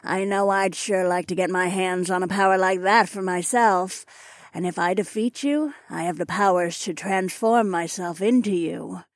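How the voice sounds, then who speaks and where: A man voicing a sneering old female witch with a sweet grandma voice, slow and taunting. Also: high voice, no echo, pitched above the performer's own voice.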